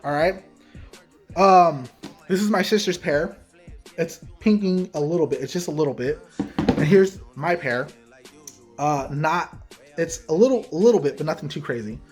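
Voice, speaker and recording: A man, a parent and sneaker vlogger, telling a casual story to the camera with quoted dialogue, animated and heated. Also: a little high, moderate pace, pauses often, over music. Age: adult parent.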